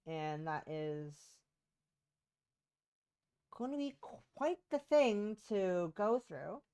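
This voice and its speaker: A woman's voice: lowish voice, big pitch swings, drawn-out words, mellow, smooth. A woman with a sore throat, streaming a game from home and chatting casually in a rambling, self-interrupting way. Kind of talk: casual gameplay chat.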